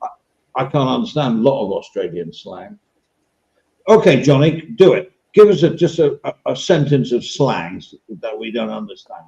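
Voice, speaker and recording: A man's voice: mid-range voice, sing-song, moderate pace, vocal fry, mellow, reverberant, lo-fi sound. An English man hosting a casual podcast chat, rambling and swearing now and then. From England. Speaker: podcast host.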